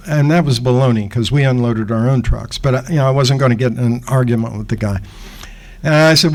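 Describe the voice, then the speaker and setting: A man in his sixties at the lectern, spinning a story with an everyday, mid-pitched voice. He tells it in a lively way and slips into the voices of the people he describes. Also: moderate pace, low-quality recording. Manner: animated anecdote telling, acting out the people in the story. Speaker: guest speaker. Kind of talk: storytelling lecture.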